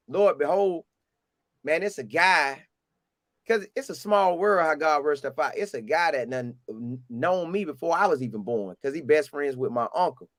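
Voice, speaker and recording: Casting note: animated Southern storyteller, a man with a high voice, recorded dry and close. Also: no room sound. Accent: Southern US, Florida. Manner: animated, acts out quotes in a higher voice. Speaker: storyteller recounting a game visit. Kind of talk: casual storytelling.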